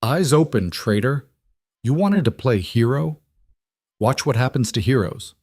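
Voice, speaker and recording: A man's voice: mid-range voice, expressive, measured pace, a little mellow, dry recording, clean studio sound, pitched above the performer's own voice. A man voicing a cruel male militiaman who sneers and taunts. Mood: sneering.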